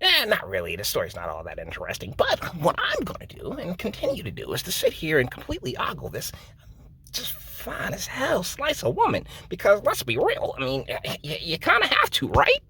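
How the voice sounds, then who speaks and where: A man hamming up a husky, leering brogue-y lad. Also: on the high side, huge pitch swings, fairly quick, pushed and bright, pitched above the performer's own voice, exaggerated voice. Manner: bawdy, leering, stammering. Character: leering loud Irish-Scots man, boastful.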